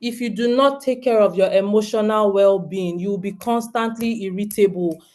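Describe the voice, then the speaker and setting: A woman's voice: mid-range voice, moderate pace, darkish tone. A Nigerian woman in her thirties giving an earnest, direct talk to homeschooling parents, often turning to the audience with questions. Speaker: homeschooling speaker.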